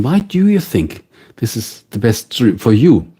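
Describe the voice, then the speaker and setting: A man with a German accent hosting a casual live stream from home, musing slowly and greeting viewers by name. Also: medium pitch, sing-song, mellow, husky. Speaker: livestream host.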